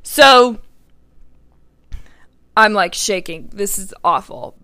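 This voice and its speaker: A young adult woman hosts her own podcast and tells a story in a loose, chatty way. Her voice is bright and clear. She leans hard on her words, swears freely and fills her sentences with "like.". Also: mid-range voice, lively intonation, takes it slowly. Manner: emphatic, swears often, lots of "like". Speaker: podcast host. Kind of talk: casual storytelling.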